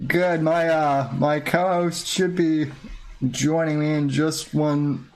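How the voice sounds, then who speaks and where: A man's voice: a little high, steady tone, takes it slowly, a little mellow, rough recording. A man hosting a podcast, chatting casually and joking. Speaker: podcast host. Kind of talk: casual chat. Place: Florida.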